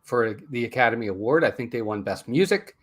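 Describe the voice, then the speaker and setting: A man's voice: mid-range voice, a little fast, breathy edge. A man hosting a casual live-streamed movie review podcast, laughing easily and chatting with his co-host. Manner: lively, laughs easily, reads a rhyming mock ad.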